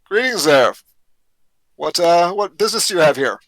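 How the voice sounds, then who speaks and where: Give me a wary gate guard, played by a man, with a fairly high, bright voice. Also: sing-song, normal speed, no echo, heavily acted. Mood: suspicious. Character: suspicious male castle gate guard.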